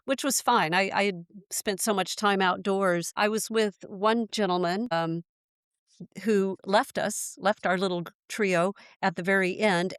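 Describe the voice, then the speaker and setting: A woman's voice: fairly low pitch, no echo, clean studio sound. An American woman in her sixties, a podcast guest thoughtfully and earnestly recalling hard experiences in a casual conversation. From United States. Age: 60s. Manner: reflective, earnest recollection. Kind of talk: casual reminiscing.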